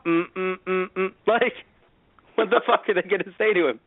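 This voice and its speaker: A man co-hosting a casual movie-review podcast, talking in an animated, profane way and acting out mock dialogue. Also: high voice, takes it slowly, long pauses, no echo. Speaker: podcast co-host. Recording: tinny phone-like sound, dry.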